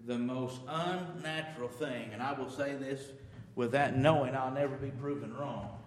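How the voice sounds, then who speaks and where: A man preaching a sermon as pastor, swinging between loud emphasis and quiet asides. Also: medium pitch, moderate pace. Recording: echoey hall reverb.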